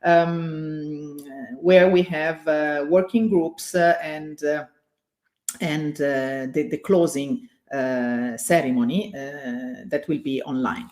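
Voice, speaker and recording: Woman, english, halting welcome speech, lots of fillers, video call. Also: deep voice, fairly even intonation, a little mellow. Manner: halting, many fillers and restarts. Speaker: president of the organization, opening host. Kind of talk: hesitant welcome speech with thanks.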